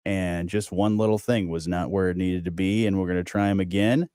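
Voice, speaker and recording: A man's voice: low voice, steady tone, fairly quick, warm tone, clean tone, no room sound, studio quality. A man co-hosting a morning radio show, bantering casually in an upbeat, jokey, self-deprecating way.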